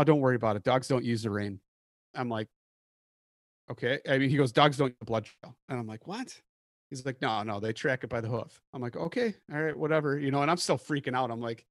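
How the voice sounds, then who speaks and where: A man's voice: medium pitch, no echo, studio quality. A man hosting a podcast, telling a hunting story in casual chat and acting out the lines of the people in it. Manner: animated storyteller acting out quotes. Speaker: podcast host.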